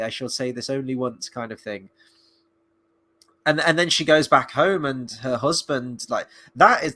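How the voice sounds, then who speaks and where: A man's voice: mid-range voice, bright, forceful tone. Enthusiastic man chatting through a review. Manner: enthusiastic, opinionated, thinking aloud. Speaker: film and TV reviewer. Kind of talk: casual live-stream review chat.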